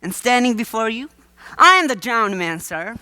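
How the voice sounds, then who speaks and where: A wheedling waterfront showman, played by a teenage student, pitches his act with theatrical sales patter. The voice swoops up and down with bright, ringing energy. It is a live school stage play, and the sound is dry and close. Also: big pitch swings, moderate pace, smooth, no echo. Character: wheedling male waterfront huckster staging fake drownings.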